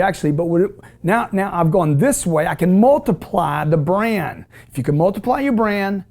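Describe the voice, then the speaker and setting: Middle-aged guy hosting a call-in show, high voice, brash and pushy, keeps repeating himself. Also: darkish tone. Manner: brash, emphatic, repetitive preaching. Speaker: show host. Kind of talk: motivational call-in show talk.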